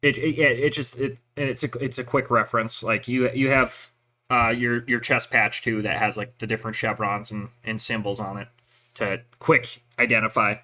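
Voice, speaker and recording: A man with a bright voice rambles through casual stories, swearing freely and laughing at his own jokes. He talks like a veteran chatting with a friend, loose and unscripted. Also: medium pitch, steady tone, moderate pace. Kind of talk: casual chat.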